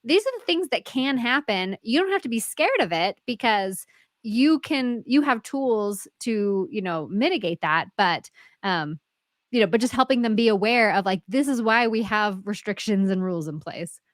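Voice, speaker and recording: A woman's voice: fairly high pitch, expressive, normal speed, no room sound. Chatty woman host, eager and upbeat, recorded dry with no room. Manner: enthusiastic, chatty, laughs often. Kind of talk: casual interview chat.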